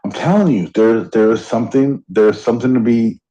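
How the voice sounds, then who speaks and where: A man's voice: medium pitch, brisk, warm tone. Profane ranting man, dull lo-fi sound. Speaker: podcast co-host. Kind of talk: casual podcast chat. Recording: dull lo-fi audio.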